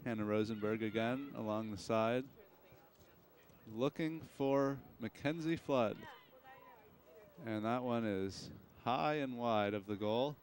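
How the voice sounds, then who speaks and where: A young man announcing a high school soccer game, calling the plays live in a steady commentary. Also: slow pace. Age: young adult. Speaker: play-by-play announcer. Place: outdoor soccer field.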